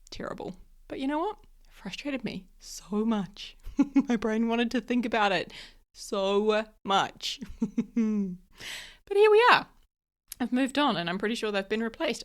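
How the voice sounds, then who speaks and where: A woman's voice: medium pitch, fairly bright tone. A middle-aged woman hosting her own podcast, chatting casually and telling stories with lots of "like" and frequent laughs. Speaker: podcast host. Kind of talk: casual solo podcast chat.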